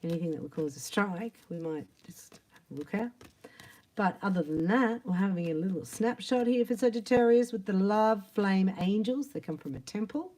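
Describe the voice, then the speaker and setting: A woman reads tarot in a chatty, animated monologue, acting out imagined quotes and occasionally dropping to a soft whisper. Her voice is mid-range and she speaks at normal speed.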